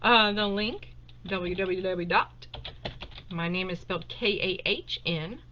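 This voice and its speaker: A woman's voice: medium pitch, slow pace, pushed and bright, lo-fi sound, slight background noise. A woman chatting casually and emotionally on a home livestream, with lots of fillers and laughter. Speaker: host of a live Q&A stream. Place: at home, indoors. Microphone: webcam on a desktop.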